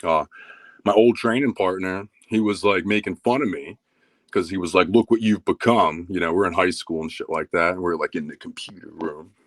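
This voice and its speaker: With no echo on the recording, a man in his thirties talks a little fast while telling a story as a podcast guest. The chat is casual and packed with swearing, and his voice climbs louder and higher in excited moments.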